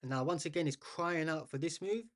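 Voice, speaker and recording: A man's voice: on the high side, a little fast. A man commentating live on a chess game for a stream, chatting with viewers and thinking aloud as he goes.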